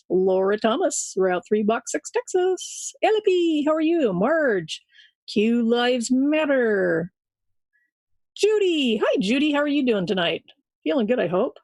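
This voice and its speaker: A woman's voice: fairly high pitch, a little mellow, no echo. A woman hosting a live show, cheerfully greeting listeners by name and laughing often. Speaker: show host reading out chat names. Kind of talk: casual live-stream chat.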